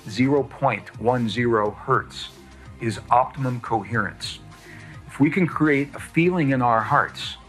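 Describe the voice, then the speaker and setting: A man giving a lecture-style talk, explaining in a measured, deliberate way. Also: medium pitch, fairly bright tone. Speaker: speaker on science and spirituality.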